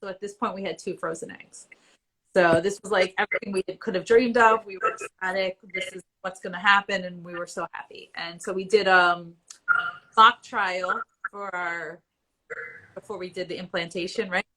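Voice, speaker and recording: A woman's voice: fairly low pitch, fairly even intonation, moderate pace, pushed and bright, poor audio. A woman in her forties telling her own story as a patient in a live Q&A, candid and conversational, at times emotional. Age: 40s. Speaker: IVF patient guest.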